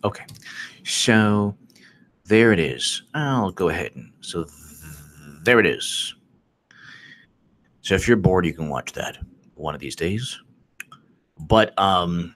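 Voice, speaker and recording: A man hosts a casual live stream of commentary and talks in a lowish voice. He circles back over the same points again and again and sounds sarcastic and exasperated. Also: animated, slow pace, pauses often, fairly bright tone. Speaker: political commentary host.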